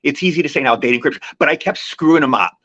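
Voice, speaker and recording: Fast-talking older man, rambling storyteller. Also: fairly high pitch, expressive, sharp tone, no echo. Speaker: actor guest. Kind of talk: casual interview chat. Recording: dry, slightly muffled lo-fi recording.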